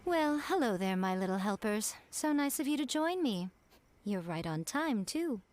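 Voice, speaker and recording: A woman voicing a sly, playfully manipulative female shrine mistress in a game, smooth and amused. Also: on the high side, big pitch swings, moderate pace, darkish tone, slight background noise. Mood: teasing. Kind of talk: game voice acting.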